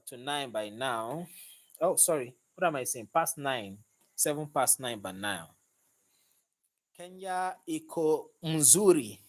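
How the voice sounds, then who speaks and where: A man, a mechanic hosting a casual live stream, upbeat as he greets and thanks viewers, recorded on a phone he holds in his hand. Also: medium pitch. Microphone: phone held in hand.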